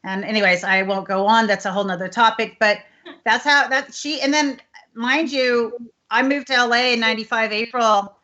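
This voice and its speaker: A woman in her fifties from Texas hosts the show and wanders through a long anecdote, looping back with fillers as she goes. Her voice sits a little high and sounds bright and crisp. The audio comes through slightly muffled, like an online call. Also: normal speed. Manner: rambling storyteller, many fillers like "anyways". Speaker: host. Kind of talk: casual chat, long personal anecdote.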